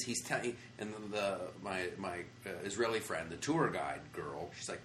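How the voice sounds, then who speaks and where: Man, American, comedian guest, animated storytelling, profane, echoey room, faint background noise. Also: low voice, normal speed, few pauses. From United States. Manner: animated, swearing, acts out quoted people. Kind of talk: casual storytelling interview. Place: comedy club after a show.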